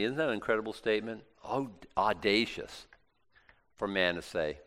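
A man's voice: fairly low pitch, animated, moderate pace, fairly bright tone. A man preaching a sermon, reading scripture and talking it through in an emphatic, conversational way with frequent restarts.

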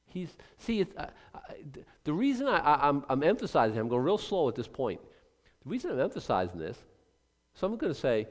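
A man's voice: a little high, very animated, fairly quick. An older man preaching a sermon, emphatic, acting out quoted voices and restarting his sentences often. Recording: long reverb of a large hall.

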